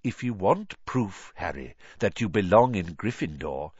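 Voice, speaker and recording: A man voicing a wise, gentle old male headmaster who speaks softly and calmly, on a dull lo-fi recording. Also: low-pitched, husky, dry recording, heavily acted. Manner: soft, calm, measured.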